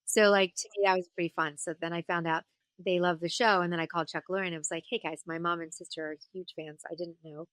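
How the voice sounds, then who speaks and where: A woman voice actor and singer chatting as an interview guest, telling stories in an animated way and slipping into character voices. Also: lowish voice, fast, dry recording. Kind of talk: casual interview chat.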